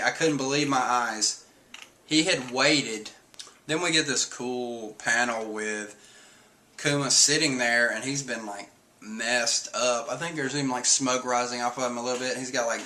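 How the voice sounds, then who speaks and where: A man talks through a manga chapter in a loose, rambling way, padding his sentences with fillers and reading out character lines along the way. His voice is bright and forceful at a middling pitch. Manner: rambling, filler-heavy, often reads and acts out character lines. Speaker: streamer recapping a manga chapter. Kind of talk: casual recap.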